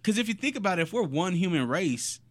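A man's voice: high voice, big pitch swings, fast. A man co-hosting a podcast in casual, playful chat, jumping into silly put-on accents now and then. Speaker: podcast co-host.

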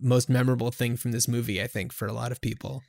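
A man's voice: medium pitch, level tone, quick pace, gravelly, darkish tone, dry recording. Casual male podcast host, rambling, dry close-miked sound. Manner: rambling, filler-heavy. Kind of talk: casual chat.

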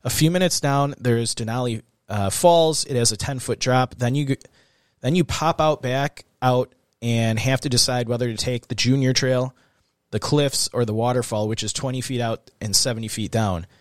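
A man's voice: medium pitch, normal speed, dry recording, clean studio sound. A man hosting a casual true-crime podcast late at night, reading quotes aloud and then chatting loosely. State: tired, recording late at night. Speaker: podcast host.

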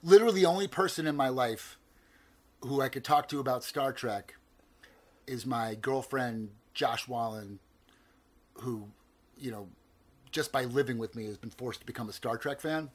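A man's voice: mid-range voice, normal speed, pauses often. A man in his forties with a New Jersey accent, talking in a casual, digressive way with frequent restarts. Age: 40s. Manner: animated, digressive, stammers and restarts, swears casually. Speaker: podcast co-host. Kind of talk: casual chat.

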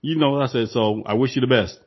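Man, co-host, husky and a little muffled, emphatic, repeats himself for weight. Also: mid-range voice, fast. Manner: emphatic, repeats phrases for stress. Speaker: podcast co-host, former gym owner. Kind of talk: casual business chat.

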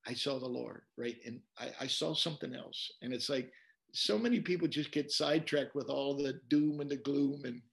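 A male pastor appearing as an interview guest preaches in a conversational way, quoting scripture as he tells stories. His voice is medium-pitched with vocal fry and a moderate pace, and he's an animated storyteller who repeats words while quoting scripture.

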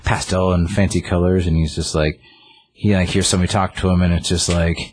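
A man with a very low, husky voice rambles through a story in casual chat. He piles up fillers and restarts and breaks into the characters' lines as he goes. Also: little pitch movement, a little fast, no echo. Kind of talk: casual chat retelling a comic.

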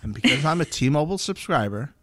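Man, podcast co-host, casual banter, jokey, swings a lot in pitch. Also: fairly quick. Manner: animated, joking, swearing. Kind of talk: casual chat.

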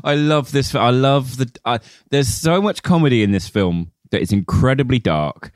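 A young man chats about a film with a lively, up-and-down delivery. He laughs often and swears casually. The sound is dry and close. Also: medium pitch, normal speed, no echo. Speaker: podcast co-host.

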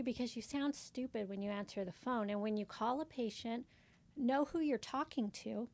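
A woman's voice: fairly high pitch, moderate pace. A woman chatting casually and venting about a coworker at her medical office, acting out conversations as she tells them. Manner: animated storytelling, acts out quoted voices.

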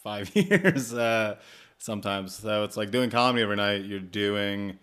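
A young man with a flat, deadpan voice, a comedian telling stories and swearing in casual chat. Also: lowish voice, moderate pace, clear, resonant tone. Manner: swearing, animated storytelling. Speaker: podcast host and comedian.

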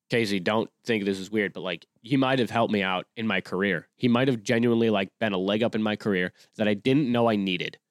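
A man in his twenties with a fairly low pitch hosts a solo podcast in a casual, rambling way, with frequent restarts and fillers. The studio sound is clean, without echo.

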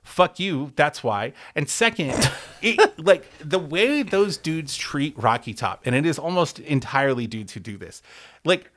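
A man's voice: on the high side, measured pace. A man hosting a sports podcast, talking in a profane, hyperbolic comic rant full of stammered restarts. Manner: animated, rambling, stammers and restarts often; heavy swearing, hyperbolic.

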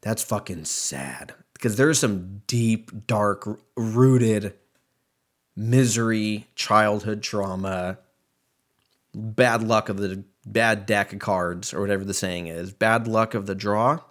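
A man's voice: on the low side, slow. A young man hosting a solo podcast, rambling in a profane, self-mocking way as he talks. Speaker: podcast host. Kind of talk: casual solo podcast rant.

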